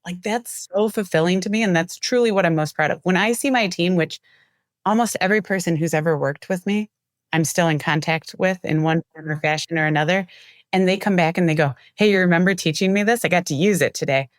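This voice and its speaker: A marketing executive appears as a guest on an interview show, telling casual stories in a fairly low, fairly quick woman's voice. She's a lively storyteller who acts out the quoted dialogue. The studio sound is clean, with no room sound.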